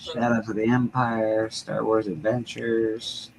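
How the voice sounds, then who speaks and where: A man in casual chat on a comic book podcast, calmly describing a comic he found and giving short, relaxed replies. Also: lowish voice, slow pace, vocal fry, crowd noise, low-quality recording. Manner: relaxed, brief laughing replies.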